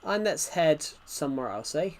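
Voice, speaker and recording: A man's voice: a little high, sing-song, normal speed. A man streaming gameplay live, rambling chattily and answering chat messages, his nose bothered by hay fever.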